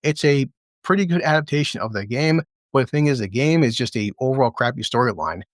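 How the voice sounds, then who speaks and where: This man reviews a TV episode in a crude, sarcastic, casual way, sometimes slipping into mocking character impressions in quick asides. His medium-pitched voice has lively intonation, and the recording is dry and studio quality.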